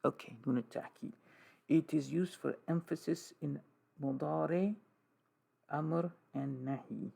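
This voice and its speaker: A man teaching an Arabic grammar lesson, slow and repetitive, drilling terms with many "okay"s. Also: fairly high pitch, creaky, mellow, husky. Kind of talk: classroom lesson with writing.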